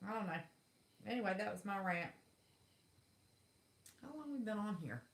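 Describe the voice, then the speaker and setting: A woman's voice: medium pitch, animated, moderate pace. A middle-aged woman, hosting a casual livestream chat in a blunt, folksy, exasperated way. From West Virginia. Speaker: livestream host. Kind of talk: casual live chat rant. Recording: echoey room.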